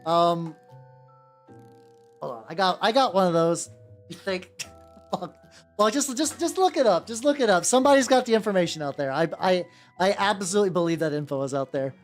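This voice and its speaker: A woman's voice: fairly low pitch, animated, brisk, long pauses. A woman streaming as she paints miniatures, chatting casually, stammering, repeating herself and swearing freely. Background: faint background music.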